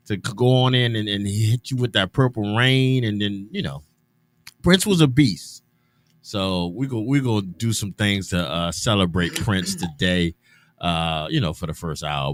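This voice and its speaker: A man hosting an afternoon radio show in casual talk, loose and chatty with drawn-out hesitations and restarts. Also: fairly low pitch. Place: radio studio.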